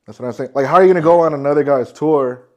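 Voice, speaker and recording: A man's voice: a little high, rapid-fire, a little mellow, highs cut off. A man hosting a casual podcast, talking in slang, swearing and saying "bro" constantly. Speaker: podcast host. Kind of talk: casual chat.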